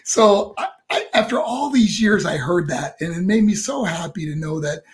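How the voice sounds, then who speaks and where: An older man, a former wrestler, telling stories in a relaxed chat, animated and laughing as he acts out other people's voices. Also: high-pitched, normal speed. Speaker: guest, former pro wrestler. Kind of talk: casual storytelling.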